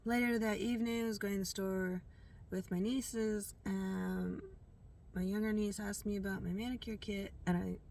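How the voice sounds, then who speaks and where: Woman vlogging, rambly candid storytelling, gravelly and kinda bright, a bit far from the mic with faint noise behind. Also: medium pitch. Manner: rambling and candid, many fillers and restarts. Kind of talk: casual personal storytelling.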